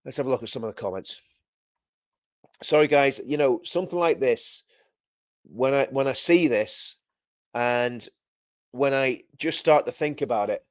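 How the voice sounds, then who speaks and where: A man's voice: medium pitch, measured pace, pauses often, no echo, studio quality. A middle-aged man hosting a livestream, ranting with sarcasm and indignation and often repeating his phrases. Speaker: livestream host.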